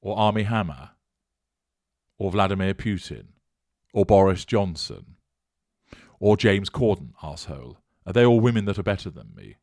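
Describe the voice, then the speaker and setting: A man with a British accent, hosting a channel and answering viewer comments in a mocking, deliberate way. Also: low voice, animated, darkish tone, no room sound, clean studio sound. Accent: British English. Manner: sardonic, mocking, deliberate and measured.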